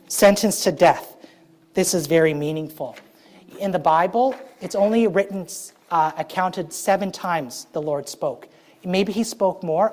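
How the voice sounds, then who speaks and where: A woman preaching to her congregation in a loose, conversational way, often checking in with "right?" and "okay?" and drawing out key phrases slowly for emphasis. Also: lowish voice, a little mellow. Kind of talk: sermon.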